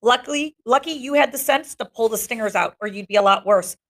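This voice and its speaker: A woman voicing a small, shy young girl in a read-aloud of a book, speaking softly and tentatively. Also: fairly high pitch, a little fast. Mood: gentle.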